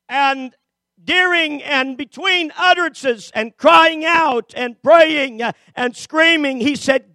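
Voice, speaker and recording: High-voiced preacher, shouting then hushed. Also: male voice, slow, no room sound. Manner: dramatic, rises to shouts then drops low; many fillers and repeated starts. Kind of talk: sermon storytelling.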